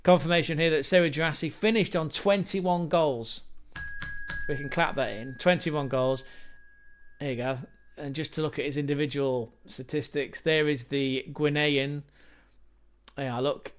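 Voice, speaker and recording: Chatty Englishman with a smooth voice. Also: fairly high pitch. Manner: chatty, rambling asides to viewers. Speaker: football channel host. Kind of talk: casual football stats commentary.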